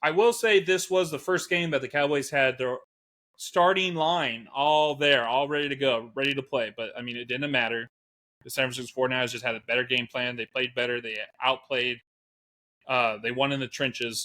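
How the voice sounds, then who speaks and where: A man co-hosting a casual sports podcast, talking in an animated way, laughing often and reading out statistics. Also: mid-range voice, moderate pace. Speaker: co-host.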